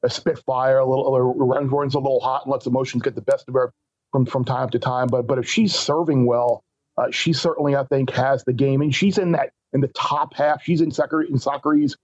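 A man's voice: mid-range voice, steady tone, a little fast, a little mellow, dry recording, muffled recording. A man joining a betting talk show as a guest, talking in a stop-start way and repeating words as he thinks. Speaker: guest sports bettor.

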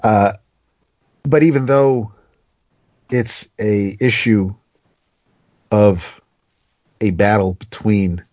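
A man's voice: fairly low pitch, extremely slow, pauses often, a little mellow, no room sound. A man in casual chat, chiming in agreeably with short remarks. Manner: agreeable, brief interjections. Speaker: podcast co-host. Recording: dull, slightly lo-fi dry sound.

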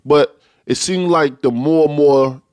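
A man's voice: fairly high pitch, measured pace, darkish tone, smooth, dry recording, studio quality. A man from Alabama, a boxing champion speaking emphatically in a podcast interview and repeating his key points. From Tuscaloosa, Alabama, US.

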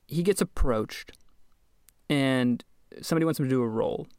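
A man hosting a podcast, telling a story in casual chat, wry and quick to laugh. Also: mid-range voice, darkish tone, clear, resonant tone, dry recording, clean studio sound. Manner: chatty, wry, laughs often. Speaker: podcast host.

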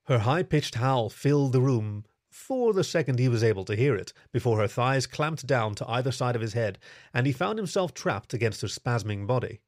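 A man's voice: medium pitch, animated, normal speed, no room sound. Man narrating a story, dry close sound. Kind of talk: scripted audiobook narration.

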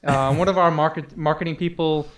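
A young man with a slightly high voice tells workplace stories in loose, casual chat. He laughs often and jumps into higher voices when he quotes people. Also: fairly even intonation, a little fast, a loud crowd. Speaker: podcast co-host telling restaurant stories.

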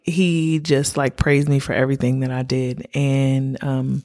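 Podcast host just talking from the heart, warm mellow voice, kinda rambly with lots of "like"s. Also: medium pitch, flat delivery, unhurried, hardly any pauses. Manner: open and heartfelt, rambling with many "like"s. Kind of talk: candid personal monologue.

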